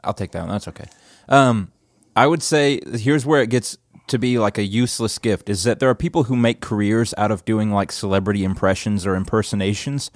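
A man hosting a casual podcast chat from a church office, laid-back and self-deprecating, often trailing off into quiet asides. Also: on the low side, fairly quick, no room sound, studio quality. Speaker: podcast host.

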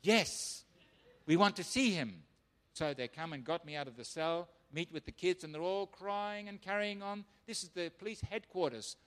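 A man preaching as a missionary pastor, telling his testimony as an animated storyteller who acts out the voices of others. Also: sits high, normal speed, few pauses, clear, resonant tone. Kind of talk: sermon testimony. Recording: long hall reverb.

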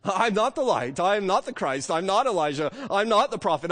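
A man preaching a sermon as a pastor, emphatic and full of rhetorical questions, swinging between loud declarations and quiet, hushed lines. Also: high-pitched, animated, a little fast, few pauses. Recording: long reverb of a large hall.

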